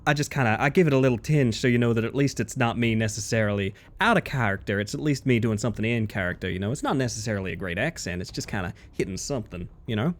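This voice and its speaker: A man's voice: on the low side, fast talker, few pauses. A man streaming live, talking in a loose, rambling way and filling gaps with "like" and "you know". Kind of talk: casual live-stream chat.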